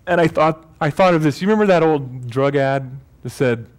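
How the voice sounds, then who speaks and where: A male pastor delivering a sermon in church, his voice sitting somewhat high for a man and moving at normal speed. He keeps it conversational and light, dropping jokes and fixing his own slips as he goes.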